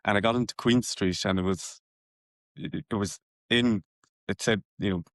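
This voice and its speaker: A middle-aged man from Cork with a mild Cork accent, a podcast guest talking haltingly with many restarts. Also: fairly low pitch, fairly bright tone, no room sound, studio quality. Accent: mild Cork Irish. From Cork, Ireland. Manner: hesitant, many restarts and uhs. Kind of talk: casual chat.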